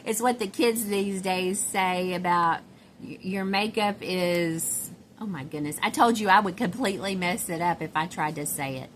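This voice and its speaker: Chatty Southern woman, low-pitched. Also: animated, normal speed, a bit bright, a little hiss or hum. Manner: chatty, rambling, giggly, many fillers. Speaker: doll collector vlogger. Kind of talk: casual chat to camera.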